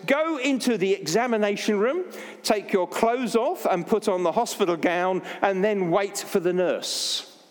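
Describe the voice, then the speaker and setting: Male preacher doing a bossy drill-sergeant receptionist, loud and stern, in a reverberant hall. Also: sits high, big pitch swings, normal speed, voice pushed up. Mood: stern barking. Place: church hall.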